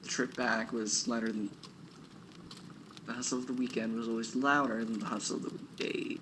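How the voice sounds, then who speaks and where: A man's voice: medium pitch, flat delivery, moderate pace. A man reading his own novel aloud on a stream, chuckling at his own writing and stopping to comment on it. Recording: noisy background hiss.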